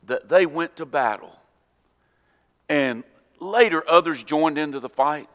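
A man preaching a sermon, animated storytelling that acts out scenes and quotes scripture. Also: medium pitch. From Florida. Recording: long hall reverb.

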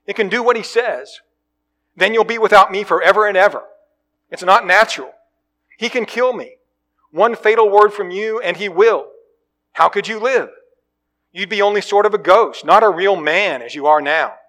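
A man's voice: sits high, moderate pace, long pauses, sharp tone, voice pushed up. A man voicing a wheedling little lizard. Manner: coaxing, wheedling and urgent. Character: small wheedling lizard tempter.

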